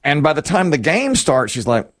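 A man's voice: a little high, sing-song, moderate pace. A middle-aged man from North Carolina hosting a sports talk radio show, telling stories with playful exaggeration.

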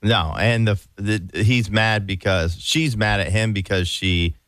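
A man's voice: lowish voice, measured pace, fairly bright tone, dry recording, clean studio sound. A man co-hosting a casual show, adding wry remarks to the chat.

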